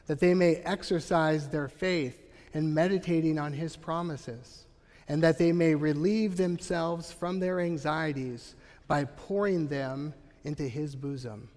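Earnest preacher in a reverberant hall. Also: male voice, on the high side, fairly even intonation, a little slow, darkish tone. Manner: earnest, emphatic preaching with frequent "Right?" asides. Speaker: pastor. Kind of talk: sermon.

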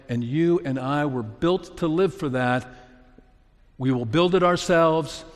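A man preaching a sermon as pastor, earnest, building to emphatic peaks and falling back to soft, low passages. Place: church sanctuary. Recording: long reverb of a large hall.

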